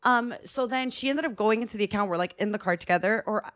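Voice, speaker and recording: A woman's voice: mid-range voice, quick pace. Chatty young woman telling a story. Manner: animated storytelling, acting out quoted voices. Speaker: podcast co-host. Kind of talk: casual chat.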